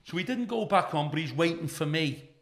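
A middle-aged comedian from the UK spins a swearing-laden anecdote, slipping into the voices of the people he describes. His voice sits a little high, with a gravelly rasp underneath. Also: a little fast. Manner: animated, acts out the people in his stories. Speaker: comedian guest. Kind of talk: profane anecdote storytelling.

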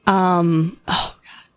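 A woman's voice: on the low side, dry recording. A woman co-hosting a casual movie podcast, enthusiastic and giggly in defending the film. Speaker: podcast co-host.

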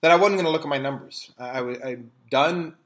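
In casual podcast chat, this co-host tells rambling stories and restarts frequently. His mid-range voice is a bit bright, and he speaks fast.

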